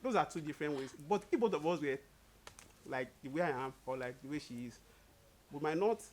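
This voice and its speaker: A young man talking casually with his partner, easygoing and quick to laugh, acting out little quotes as he tells stories. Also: a little high, lively intonation. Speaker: co-host. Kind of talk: casual couple chat.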